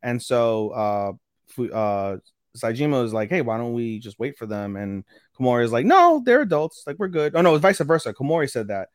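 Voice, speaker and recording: A man's voice: medium pitch, fairly quick, no echo, studio quality. Rambling man recapping an episode. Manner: rambling, stumbles on names, swears casually. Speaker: podcast co-host. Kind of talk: casual anime recap chat.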